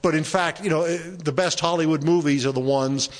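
A man's voice: fairly high pitch, steady tone, a little fast. A man speaking on a microphone to a live bookstore audience as a touring author, rambling with many fillers and restarts. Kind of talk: casual talk at a book event. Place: bookstore event room.

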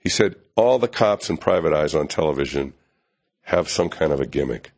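Older man, very deep voice, animated storyteller. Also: normal speed. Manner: animated, acts out other people's lines; frequent fillers and restarts. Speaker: television writer and producer. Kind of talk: anecdotal storytelling in an interview.

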